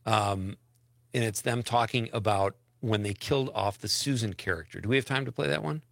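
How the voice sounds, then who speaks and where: A man's voice: fairly low pitch, normal speed, creaky, fairly bright tone, no echo, studio quality. A man hosting a casual radio talk show, reading listener messages and chatting with his co-host.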